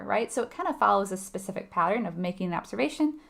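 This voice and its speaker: Female exam tutor, gravelly edge, chatty, quizzes her class as she goes. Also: medium pitch, lively intonation, quick pace. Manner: conversational, asks the audience questions, laughs lightly. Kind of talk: live online teaching.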